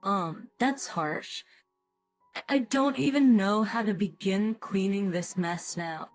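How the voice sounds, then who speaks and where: A woman's voice: mid-range voice, takes it slowly, no room sound, faint music behind, close to an everyday voice. A woman voicing a whiny grown son who pleads with his mother for help. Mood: sheepish.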